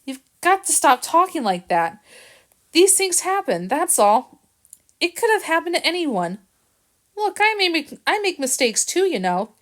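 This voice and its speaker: A woman's voice: very high-pitched, very animated, unhurried, voice pushed up, heavily acted. A woman reading aloud and voicing Harrison, a kennel owner who soothes but dodges questions. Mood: soothing. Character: nervous, evasive man who runs a kennel. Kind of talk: audiobook reading.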